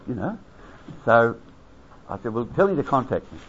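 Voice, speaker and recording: An older Australian army veteran tells a rambling anecdote, chuckling, acting out the quoted voices, and using lots of fillers. His medium-pitched voice is sing-song at a moderate pace, on a dull lo-fi recording with a little hiss or hum.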